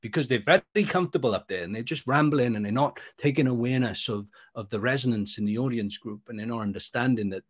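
A man speaking as a speaker coach in an online talk, pausing deliberately between words and rambling through stories. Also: medium pitch, husky, dull audio. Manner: rambling storyteller. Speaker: speaker coach and creative producer. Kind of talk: answering a question in an online talk. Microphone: video call.

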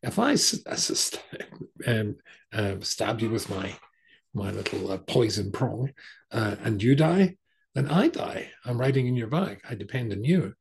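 Sly parable scorpion, told by a man, low gravelly voice, hardly acted. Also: animated, measured pace, heavily acted. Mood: coaxing.

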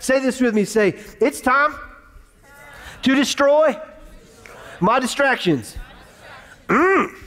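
A male pastor preaching a sermon, leading the crowd in call-and-response and repeating key lines. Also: on the high side. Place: church auditorium. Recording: long hall reverb.

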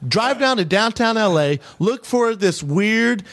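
A man in casual comedic chat, telling animated stories and acting out the people in them. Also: high-pitched, a little slow. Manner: animated storytelling, acts out quoted people. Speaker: podcast co-host.

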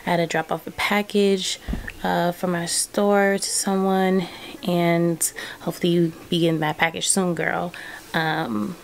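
Chatting casually to her viewers from home, this young woman from Southern California treats them as friends, tossing out "girl" and "y'all." Her voice is a touch low and mellow, captured by a camera on a stand that picks up clear household noise.

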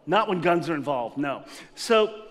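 A man preaching a sermon as pastor, telling a personal story with animated, laughing delivery. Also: on the high side, unhurried. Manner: lively storyteller who acts out scenes with laughter. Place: church sanctuary. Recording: long reverb of a church hall.

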